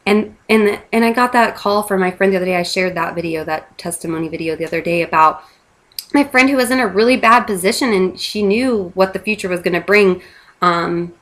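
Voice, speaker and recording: A woman's voice: medium pitch, fairly quick, fairly bright tone. A woman in her thirties, a mother, earnestly talking about a product she believes in, with many fillers and restarts. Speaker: product promoter. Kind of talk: casual testimonial monologue.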